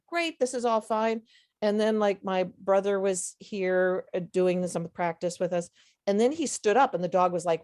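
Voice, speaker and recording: A woman's voice: on the low side, darkish tone. A woman who fosters dogs, speaking on a casual webinar panel, hesitant, with many fillers and restarts. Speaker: dog foster volunteer on a panel.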